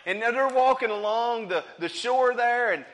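A man preaching a sermon, dramatic and repetitive, swinging between loud and hushed. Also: extremely high pitch, measured pace, in a large hall.

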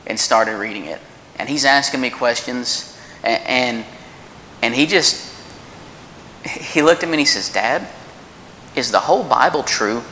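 Standing in for the preacher at a church service, a man in his thirties gives an informal sermon built on a personal story. He sounds earnest and conversational, often restarting and pausing, with a sharp tone. The recording places his voice far off in an echoing church meeting room with a faint rumble behind.

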